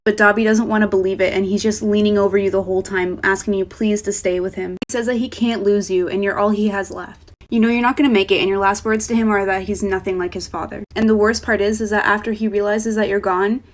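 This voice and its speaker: A woman tells a second-person fan story in a casual, chatty way. She talks fast at a middle pitch and leans on filler words as she goes.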